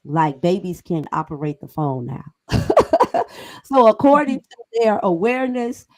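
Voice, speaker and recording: A woman's voice: lowish voice, a little slow, a little mellow, poor audio. A middle-aged woman hosting a talk show, speaking in an emphatic, conversational and preachy way. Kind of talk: casual panel talk.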